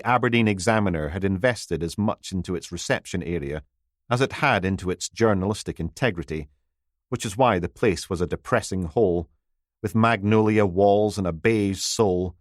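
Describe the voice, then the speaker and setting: A man's voice: low voice, normal speed, no echo. A man narrating a crime novel audiobook in a dry, wry reading voice.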